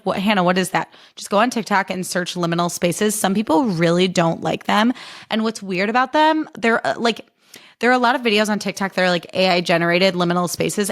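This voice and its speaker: A young woman hosting a casual solo podcast, chatty and animated, poking fun at herself. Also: mid-range voice. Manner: chatty, animated, self-deprecating, jumps into funny voices. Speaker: podcast host.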